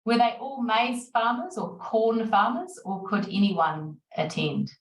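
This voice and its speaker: A woman's voice: on the high side, a little slow, roomy sound, far from the mic, poor audio. A woman with a New Zealand accent moderating a webinar Q&A, full of encouraging praise as she relays questions. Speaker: session moderator. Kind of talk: online webinar Q&A.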